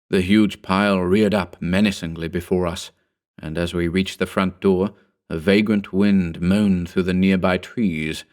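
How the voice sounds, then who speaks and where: Male horror narrator, low voice, slow brooding reading. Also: a little mellow. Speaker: audiobook narrator.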